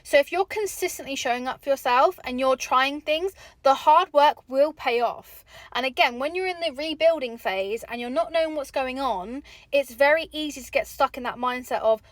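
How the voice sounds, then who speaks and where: High-voiced chatty young woman vlogger. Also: normal speed, no echo. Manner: candid, chatty, swears casually. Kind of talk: motivational talk to camera.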